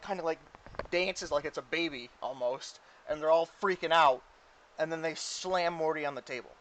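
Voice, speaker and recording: A man's voice: fairly high pitch, sharp tone, slight background noise. A man narrating a tabletop game as game master, rambling casually with lots of "like.". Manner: rambling, full of "like" fillers.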